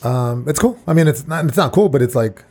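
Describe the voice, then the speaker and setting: Fast-talking young man, mellow and rambling. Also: on the high side, expressive. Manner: rambling, profane, laughs often. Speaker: podcast co-host. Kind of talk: casual chat.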